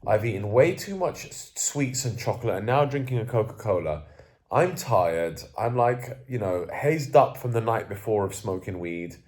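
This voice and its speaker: Young guy vlogging, sniffly and worn out, kinda low voice, swears a lot, runs himself down. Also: expressive, normal speed, darkish tone. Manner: rambling, self-deprecating, swears freely. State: groggy, sneezing and coughing. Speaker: self-improvement coach. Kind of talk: candid vlog monologue. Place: indoors, sitting at home. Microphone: camera facing him.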